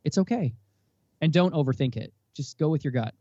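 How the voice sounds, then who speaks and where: A man in his thirties talks earnestly as an interview guest, acting out bits of dialogue as he goes. His voice sits a little high but has a dark, mellow tone. The sound is dry and a touch dull. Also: a little fast, no room sound. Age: 30s. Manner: earnest, animated, acts out quoted dialogue. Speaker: podcast guest. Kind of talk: casual interview talk.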